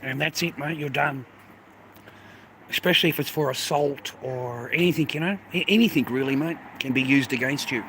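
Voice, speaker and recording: A man's voice: medium pitch, normal speed, noisy background. Blunt, profane Australian man outdoors. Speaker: livestream host. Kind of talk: unscripted livestream rant.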